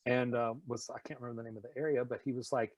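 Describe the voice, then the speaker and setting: A man's voice: mid-range voice, racing, muffled recording, crowd noise. A man from Nashville with a light Tennessee accent, a voice actor telling stories in a casual interview and slipping into impressions. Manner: animated, slips into impressions. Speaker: voice actor guest.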